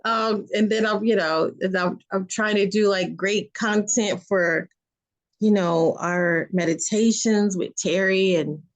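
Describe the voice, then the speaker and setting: A woman's voice: mid-range voice, fairly even intonation, takes it slowly, low-quality recording. A woman guest in a casual chat interview, telling rambling stories with many restarts.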